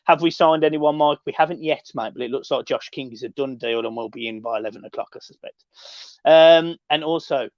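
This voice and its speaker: A man's voice: medium pitch, no room sound, highs cut off. A man hosting a casual live stream, chatting upbeat and reading out viewer comments.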